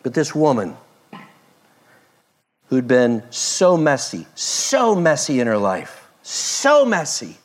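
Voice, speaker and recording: A man preaching a sermon, expressive, moving between loud emphasis and soft, hushed passages. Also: mid-range voice, takes it slowly. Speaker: pastor.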